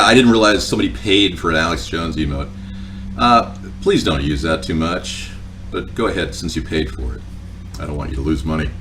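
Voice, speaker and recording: A man's voice: lowish voice, fairly bright tone, distant mic, a little hiss or hum. A man hosting a cooking livestream at home, chatting casually and joking with viewers in a rambling way. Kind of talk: casual chat answering viewer comments. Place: home kitchen.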